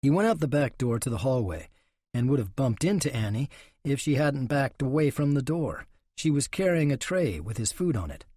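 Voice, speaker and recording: A man narrating a western audiobook in a steady, unhurried way. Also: mid-range voice, husky, no room sound, clean studio sound.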